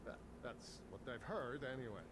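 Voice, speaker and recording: An actor voicing a cocky, joking mine lookout. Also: male voice, mid-range voice, normal speed, close to an everyday voice. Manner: joking, boastful, crude humor. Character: cocky, chatty male mine lookout, adult. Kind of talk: video game character dialogue. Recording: game audio with steady background noise.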